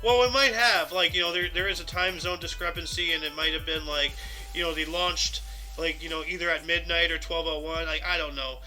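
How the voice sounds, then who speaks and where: A man's voice: on the high side, fairly even intonation, fairly quick, sharp tone, faint music behind. A man hosting a casual podcast, reading history facts with joking, rambling asides. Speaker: podcast host.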